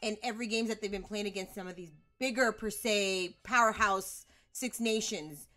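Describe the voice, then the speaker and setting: A woman's voice: medium pitch, moderate pace, pushed and bright. Stat-citing female rugby co-host. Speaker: podcast co-host. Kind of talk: casual rugby chat.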